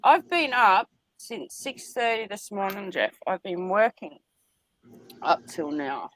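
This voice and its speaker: A woman's voice: mid-range voice, takes it slowly, dry recording, rough recording. A woman, co-hosting a casual live chat stream and laughing easily as she tells stories. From Australia. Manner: chatty, laughs easily, animated storytelling.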